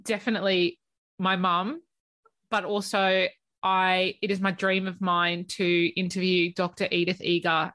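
A woman's voice: fairly low pitch, a bit bright. A woman co-hosting a podcast in casual chat, emotional and prone to giggling fits. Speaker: podcast co-host.

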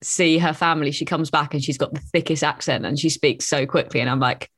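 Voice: mid-range voice, fairly even intonation, brisk, fairly bright tone, no echo. Friendly upbeat interviewer, mid voice, dry close mic. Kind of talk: casual interview.

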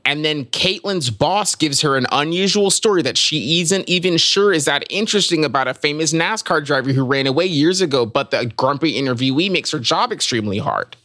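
A man's voice: on the high side, expressive, fairly quick, hardly any pauses, pushed and bright, dry recording, clean studio sound. A man co-hosting a comedy podcast, rambling through a story in casual chat with many ums. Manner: rambling, hesitant, full of ums. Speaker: podcast co-host.

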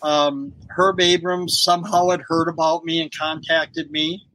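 A man's voice: fairly high pitch, level tone, a little slow, pushed and bright, no room sound, poor audio. A middle-aged man, a former wrestler, telling road stories in a casual interview and laughing often. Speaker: guest, former pro wrestler.

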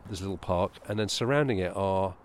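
A man with a lowish voice co-hosts a walking podcast from a small park. He speaks casually with dry, skeptical humor, and faint street noise sits behind him. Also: quick pace. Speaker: podcast co-host. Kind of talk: casual chat and reading aloud on a walk.

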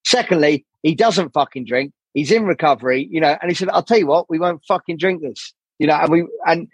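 Male podcast guest, husky and a touch high, tangents and swearing, dry close sound. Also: a little fast, no echo. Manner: swears a lot, rambling, acts out quoted people. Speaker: podcast guest, jazz saxophonist. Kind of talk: candid podcast conversation.

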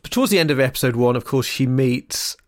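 A man's voice: mid-range voice, quick pace. A man co-hosting a podcast, making wry jokes about a TV drama. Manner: wry, animated, joking. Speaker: podcast co-host. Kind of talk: casual chat reviewing a TV series.

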